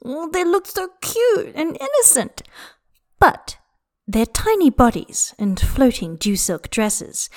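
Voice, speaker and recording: Brief: female audiobook reader, lively melodic delivery, drawn-out dramatic pauses. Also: fairly high pitch. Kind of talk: scripted narration of fan fiction.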